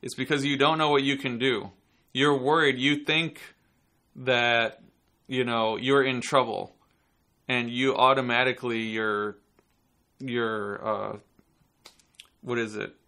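Bright-voiced chatty martial arts podcast host. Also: male voice, mid-range voice, slow pace, pauses often. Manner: relaxed, chatty, acts out angry people. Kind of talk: casual instructional talk.

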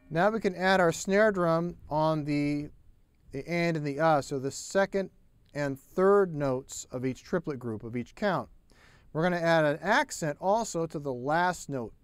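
A man giving a relaxed, chatty drum lesson, counting beats aloud as he plays. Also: fairly high pitch, moderate pace, music in the background. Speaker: drum teacher. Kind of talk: casual spoken drum lesson.

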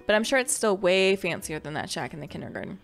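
A woman reading a brisk, teasing villager who shows a newcomer around in a cozy game. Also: on the low side, lively intonation, creaky, soft background music.

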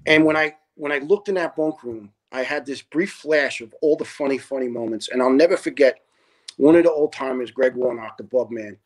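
A man in his fifties, a retired fire lieutenant and podcast guest, telling animated, profane stories in casual chat, laughing often and restarting his sentences. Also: mid-range voice, brisk. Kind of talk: casual storytelling.

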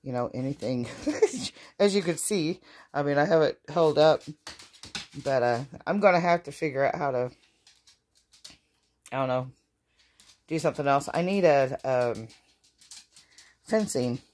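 Slow, rambling woman vlogging at home. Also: low voice, darkish tone, a little hiss or hum. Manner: rambling, hesitant, many fillers and restarts. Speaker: vlogger caring for her dogs. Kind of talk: casual home vlog chat. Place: inside her home. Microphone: phone camera.

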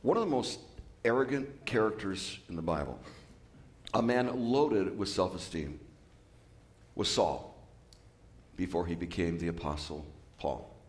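A man preaching a sermon as pastor, lively and joking with asides. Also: low-pitched, unhurried, long pauses. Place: church.

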